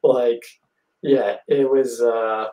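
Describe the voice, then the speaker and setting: A man's voice: mid-range voice, fairly even intonation, drawn-out words, mellow. A man, a magician guest, telling a rambling story in casual chat, often laughing and acting out what people said. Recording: echoey room, far from the mic.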